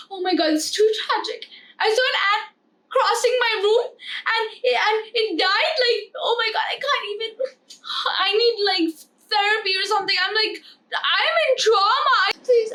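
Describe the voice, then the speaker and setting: A woman's voice: extremely high pitch, bright, forceful tone, roomy sound, far from the mic, pitched above the performer's own voice, exaggerated voice. A woman voicing a melodramatic American teen girl, whiny and full of "like". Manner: valley-girl, breathy, whiny, lots of like.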